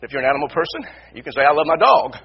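A man preaching a sermon as pastor, repeating his phrases and building to loud emphasis. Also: a little high, big pitch swings, very fast, breathy edge, highs cut off. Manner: repetitive, builds to shouted emphasis. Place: church sanctuary.

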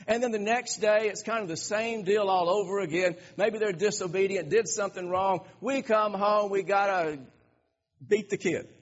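A man preaching a sermon to his congregation, emphatic, often repeating words and restarting his phrases. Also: sits high. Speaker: pastor. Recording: dull lo-fi recording with long hall reverb.

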